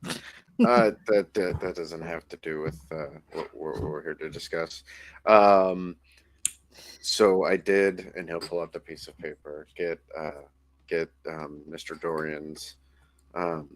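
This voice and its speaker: Very deep-voiced halting man. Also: steady tone, no echo. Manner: halting, full of "um" and restarts. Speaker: player. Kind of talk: tabletop role-play, in and out of character.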